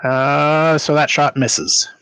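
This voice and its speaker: A man's voice: fairly high pitch, flat delivery, takes it slowly, bright, forceful tone, clean tone. A man running a tabletop game as game master, narrating with many filler sounds.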